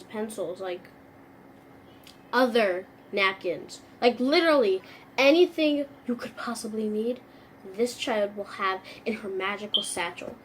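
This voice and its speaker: A young woman vlogging in a comedic, animated way, full of sarcasm and acted-out little scenes. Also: mid-range voice, slight background noise. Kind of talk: comedic vlog monologue.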